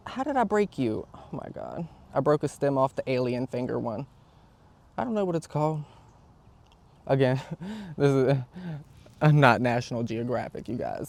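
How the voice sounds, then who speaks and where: A young man chatting casually outdoors as he repots plants, excitable and quick to exclaim at things around him. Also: mid-range voice, creaky, slight background noise. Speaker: vlogger. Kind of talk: casual chat while gardening. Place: outdoors, yard.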